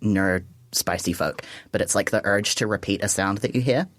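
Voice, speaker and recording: A man's voice: lowish voice, normal speed, a bit bright, dry recording. A man co-hosting a community radio show in a studio, chatting casually and feeling sleepy, laughing at himself. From New Zealand. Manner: laughs often, self-deprecating. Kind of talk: casual chat.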